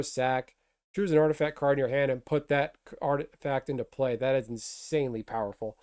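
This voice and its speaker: A man's voice: mid-range voice, a little mellow. A man casually reviewing trading cards for a video, enthusiastic and rambling, with lots of fillers and restarts. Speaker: card game video host. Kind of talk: casual card review talk.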